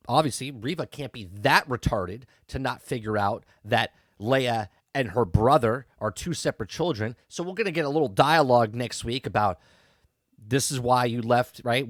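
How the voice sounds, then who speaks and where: A man's voice: on the high side, no room sound, studio quality. A man hosting a podcast, giving a rambling, emphatic and mocking spoken review that keeps checking in with his listeners. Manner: rambling and emphatic, keeps asking "okay?" and "right?"; incredulous, mocking tone. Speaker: podcast host reviewing a TV episode.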